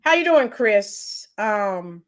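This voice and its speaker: A woman's voice: mid-range voice, sing-song, slow pace, fairly bright tone. A woman hosting a live commentary stream, giving opinions and greeting chat viewers by name. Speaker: livestream commentary host.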